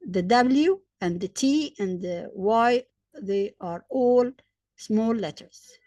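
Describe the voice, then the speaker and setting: A woman, likely a native Arabic speaker, teaching English grammar step by step, spelling out letters, repeating examples and pausing with fillers. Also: on the high side, mellow, dry recording. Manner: hesitant fillers between points. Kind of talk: slow, deliberate grammar lesson.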